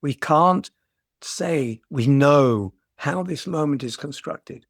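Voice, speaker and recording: A man's voice: on the high side, takes it slowly, vocal fry, dry recording, studio quality. An older man giving a dharma talk as a meditation teacher, reflective and storytelling, often restarting his phrases.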